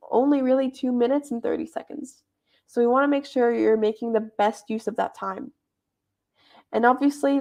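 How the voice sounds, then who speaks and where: Debate judging criteria are the topic as a young woman leads a club workshop in a loose, conversational teaching manner. She speaks on the high side, with a darkish tone.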